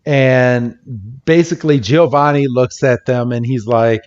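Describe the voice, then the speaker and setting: Slow-talking man recapping with laughs. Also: medium pitch, fairly even intonation, darkish tone, highs cut off. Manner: swears freely, laughs often, acts out quotes. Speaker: podcast co-host. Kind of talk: casual episode recap.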